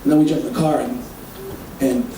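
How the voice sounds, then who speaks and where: High-voiced stand-up comedian in echoing hall. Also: male voice, brisk, a little hiss or hum. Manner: animated, profane storytelling. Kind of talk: stand-up storytelling. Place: live show on a cruise ship. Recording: echoey hall from far off.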